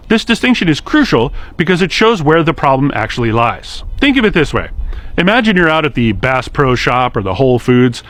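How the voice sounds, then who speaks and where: A man's voice: fairly high pitch, a bit bright. A man hosting a short explainer video series, talking straight to camera in a direct, earnest and lightly sarcastic way. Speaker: host of a social media series. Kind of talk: scripted explainer monologue to camera.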